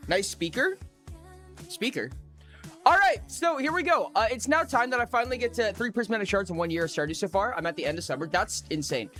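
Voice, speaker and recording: Streamer for a casual chat stream: bouncy, animated pitch, rambling and self-mocking, faint music underneath. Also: fairly quick. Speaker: live streamer.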